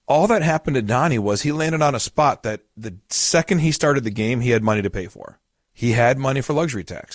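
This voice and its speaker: A man's voice: mid-range voice, no echo, studio quality. A man hosting a podcast as a retirement coach, explaining in a casual, storytelling way with everyday examples.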